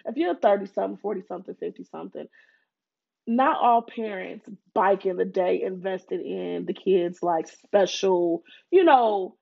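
Chatty woman with a gravelly voice. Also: medium pitch, a little slow, narrow, tinny audio. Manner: chatty and heartfelt, many fillers, calls listeners baby and honey. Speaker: podcast host. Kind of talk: casual solo chat.

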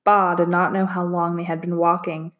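Female narrator for a children's chapter book, measured and expressive. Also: fairly low pitch. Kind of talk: storybook read-aloud narration.

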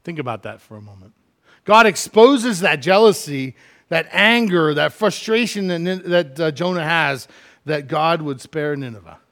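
A middle-aged male pastor with a high, light voice delivers a sermon. He is animated, dropping low and quiet one moment and rising loud the next as he acts out complaints. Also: normal speed. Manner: animated, acts out quoted complaints with big swings in loudness.

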